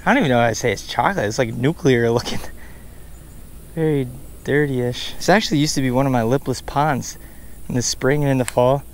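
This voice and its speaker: A man casually talking through a fishing vlog outdoors at a pond, bursting into excited exclamations. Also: medium pitch, brisk, a little hiss or hum. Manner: excitable, bursts into loud exclamations over catches. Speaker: fishing vlogger.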